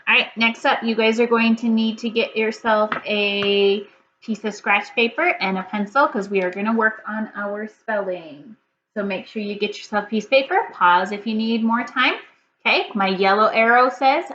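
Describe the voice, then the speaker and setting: A woman teaching a recorded first grade reading lesson. She talks patiently, sounds words out slowly and keeps checking in with "okay?". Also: mid-range voice, fairly bright tone. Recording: dull lo-fi audio with faint hum.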